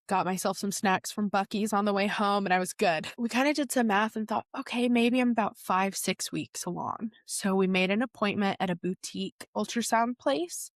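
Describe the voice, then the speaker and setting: A young woman, a podcast guest, retelling a personal story in a lively way and laughing often. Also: medium pitch, moderate pace, no room sound, clean studio sound. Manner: animated retelling, laughs often, acts out quotes.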